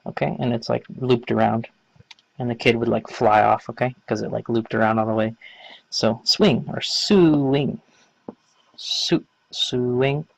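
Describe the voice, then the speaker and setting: A man's voice: medium pitch, flat delivery, normal speed, gravelly, no echo, rough recording. A man casually explaining writing lessons, rambling with many fillers. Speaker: language teacher. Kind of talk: casual instructional talk.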